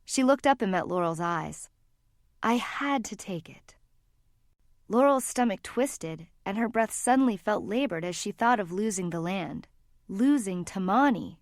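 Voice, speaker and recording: A woman narrating an audiobook in calm, even storytelling. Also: medium pitch, normal speed, dry recording, clean studio sound. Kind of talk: scripted narration.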